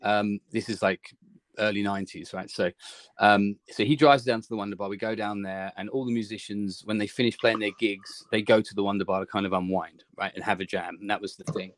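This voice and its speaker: A man's voice: on the low side, fairly even intonation, fairly quick, dry recording. A man with an English accent, a musician guest telling a rambling anecdote in an interview, full of restarts. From England. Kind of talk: storytelling in interview.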